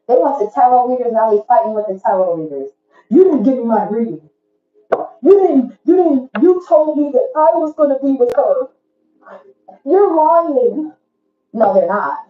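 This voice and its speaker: A woman's voice: medium pitch, lo-fi sound. Give me a profane, emphatic woman reading tarot to her viewers, echoey room. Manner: emphatic, blunt and profane, preachy. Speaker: tarot reader.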